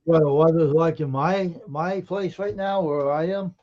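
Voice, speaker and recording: A man's voice: a little high, fairly even intonation, measured pace. A man hosting a casual live stream, sleepy and yawning, grumbling about the weather. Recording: dull lo-fi stream audio.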